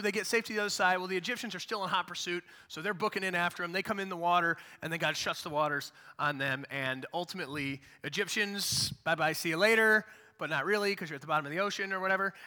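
A man preaching a sermon, retelling the story in a casual, animated storytelling way. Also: high-pitched, quick pace. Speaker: pastor. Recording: long hall reverb.

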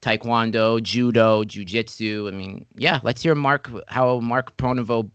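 Chatty male podcast host, middle pitch, storyteller, dry close recording. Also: measured pace, clear, resonant tone, no echo, highs cut off. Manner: chatty storyteller, animated impressions. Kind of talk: casual interview chat.

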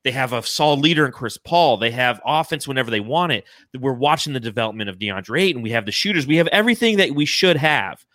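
A man's voice: mid-range voice, lively intonation, fast talker, hardly any pauses, bright, forceful tone, no room sound, studio quality. An American man in his thirties hosting a fan podcast livestream, emotional and swearing freely as he reads out donations. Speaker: podcast host. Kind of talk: excited casual livestream chat.

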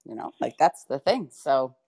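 A woman guest in a casual chat, telling stories in an animated way, swearing and laughing often. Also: rumbling low, moderate pace, breathy edge. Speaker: podcast guest.

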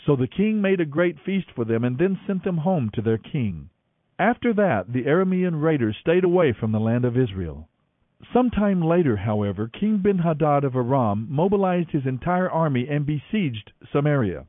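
A man presenting a radio Bible program, explaining scripture in a measured, teacherly way and reading passages aloud. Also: fairly high pitch, big pitch swings, dry recording. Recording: dry, phone-like narrow radio sound with faint music.

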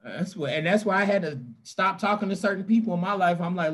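A blunt, slangy woman tells a story in casual conversation. She acts out each quote with big leaps in her voice, jumping high for her own lines and dropping low for the other person's. She swears freely. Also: fast. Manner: animated, acts out quotes with big pitch swings.

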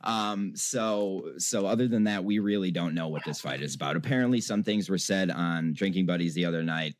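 Low-voiced laughing male host. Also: moderate pace, dry recording. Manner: laughs often, swears freely. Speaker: show host. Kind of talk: casual chat.

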